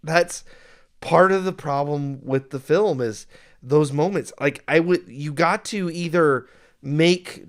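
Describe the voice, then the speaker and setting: A man co-hosting a casual film review chat, talking in an animated way and sometimes acting out scenes. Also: fairly high pitch, takes it slowly. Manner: animated, acts out scenes in exaggerated voices. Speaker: podcast co-host reviewing films.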